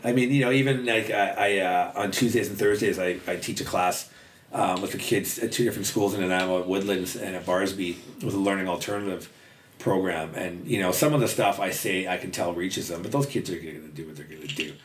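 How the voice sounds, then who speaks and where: Deep-voiced guy, podcast guest, blunt storyteller who swears a lot. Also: fairly quick, slight background noise. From western Canada. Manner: blunt, swears freely, many fillers. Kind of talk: casual storytelling interview.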